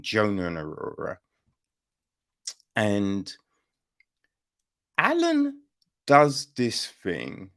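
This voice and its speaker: A man reviewing a film on a podcast in casual, profane chat, often asking his listener if they follow. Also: on the low side. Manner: animated, profane, keeps asking "you know what I mean?".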